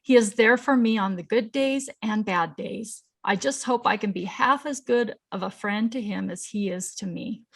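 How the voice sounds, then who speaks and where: A woman's voice: medium pitch, normal speed, vocal fry, few pauses. A woman in her fifties hosting a casual chat, reading tributes aloud and laughing often. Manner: warm-hearted, laughs often, easily moved. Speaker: host.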